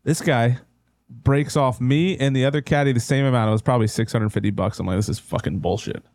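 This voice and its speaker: A man on a casual podcast telling a caddying story, relaxed and swearing easily as he quotes himself. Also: mid-range voice, fast, no room sound, clean studio sound.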